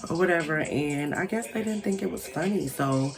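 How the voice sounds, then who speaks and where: Over crowd noise, a mid-range voice races along fairly quickly with hardly any pauses. This vlogger's casual storytime recounts a wild personal experience, heavy on "like," loose with swear words, and lively as the quoted characters get acted out.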